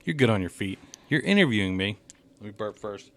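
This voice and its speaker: A man's voice: lowish voice, very animated, fairly quick. A married man co-hosting a podcast, chatting casually in a joking, self-deprecating way. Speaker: podcast co-host. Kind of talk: casual chat.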